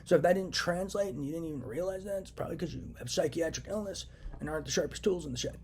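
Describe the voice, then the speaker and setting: A young man rants to camera at a rapid clip, his voice sitting a little higher than most men's. He sounds agitated and swears often as he repeats himself, with a faint hum of room ambience behind him. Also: darkish tone. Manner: agitated, profane, repetitive ranting. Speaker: vlogger. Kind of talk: solo rant to camera. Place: indoors, at home.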